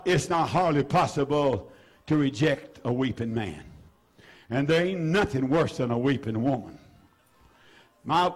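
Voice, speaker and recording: High voiced guy preaching in church, fervent, lots of uh's, gets shouty. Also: husky. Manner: fervent, pleading, rising to shouts, with frequent "uh" fillers. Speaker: pastor. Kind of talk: sermon.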